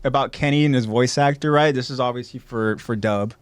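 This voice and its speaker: A man hosting a podcast who recaps an episode with animated storytelling and chats casually. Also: medium pitch, a little fast, smooth, dry recording. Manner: animated storyteller, doing voices. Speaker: podcast host.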